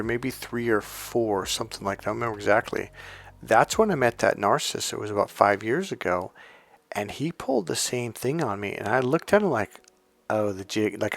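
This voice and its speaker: Low-voiced man telling a rambling story. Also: vocal fry. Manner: rambling, with frequent restarts and asides. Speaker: dating and relationship coach. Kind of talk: casual storytelling monologue.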